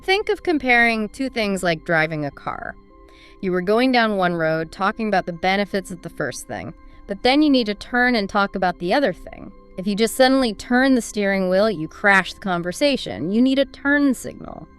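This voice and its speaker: Woman, smooth clear voice, mid pitch, upbeat explanatory lesson co-host. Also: animated, normal speed, faint music behind. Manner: explanatory, upbeat teacher delivery. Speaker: co-host of an English speaking course. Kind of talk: scripted lesson dialogue.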